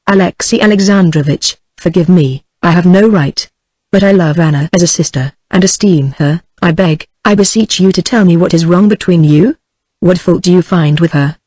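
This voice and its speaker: A British-accented female text-to-speech voice voices an anxious young wife pleading earnestly. The pitch is fairly low and the pace moderate, with a slightly mellow tone and no echo. Her delivery is imploring and sincere.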